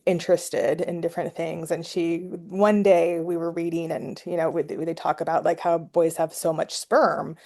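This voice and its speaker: A middle-aged woman speaks as a podcast guest, her voice gravelly with vocal fry and a warm, mellow tone. She tells stories in a chatty way, full of restarts and laughs, within a casual conversation. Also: lowish voice, little pitch movement, normal speed, hardly any pauses. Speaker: psychology professor guest.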